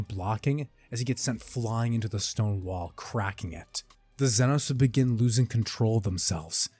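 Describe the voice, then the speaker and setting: Guy narrating an action fan story, intense and dramatic, lowish voice, dry, faint music behind. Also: mellow, dry recording.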